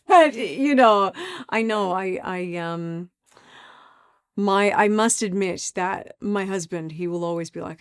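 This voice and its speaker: A woman's voice: medium pitch, takes it slowly, smooth. A middle-aged woman with an Australian accent, chatting as an interview guest and laughing often. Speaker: actress guest. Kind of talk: casual interview chat.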